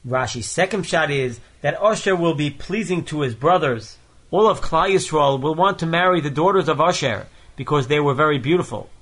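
Bright-voiced man teaching Torah. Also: on the high side, lively intonation, normal speed. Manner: reads each Hebrew phrase then explains it in English. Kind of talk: Torah lesson, reading Hebrew verses and translating line by line.

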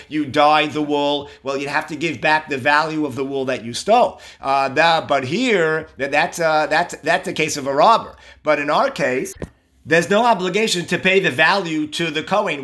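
Man, religious text teacher, reads then explains, rhetorical questions, somewhat high pitch. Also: fairly bright tone. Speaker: Torah teacher.

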